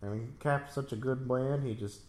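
A man's voice: mid-range voice, moderate pace, darkish tone, echoey room. A man playing a game and trading playful, laughing banter with a friend. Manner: playful, laughs often, riffs on the scenes. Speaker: game player. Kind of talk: joking let's-play banter.

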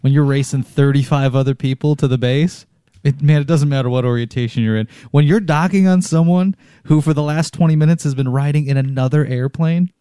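A man's voice: on the high side, a little fast, warm tone, smooth, dry recording, studio quality. A man talking casually and enthusiastically, often saying dude and man. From not from Texas, lives in Texas. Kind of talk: casual chat.

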